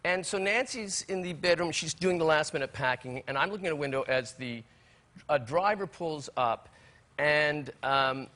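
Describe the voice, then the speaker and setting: A man in his sixties, a talk show guest, telling a comic anecdote with animated delivery, stammered restarts and acted-out voices. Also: a little high, moderate pace. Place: television studio with live audience.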